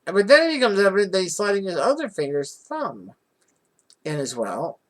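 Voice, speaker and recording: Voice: mid-range voice, normal speed. A vlogger telling a personal story in a casual, rambling way, with restarts and rising indignation. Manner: rambling and animated, with many restarts.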